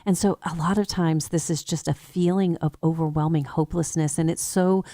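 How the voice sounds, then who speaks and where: A woman hosts a health radio show. She explains things in a measured, informative way. Her voice is very low and mellow, recorded dry on a close microphone. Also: steady tone, no echo. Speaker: nurse practitioner radio host.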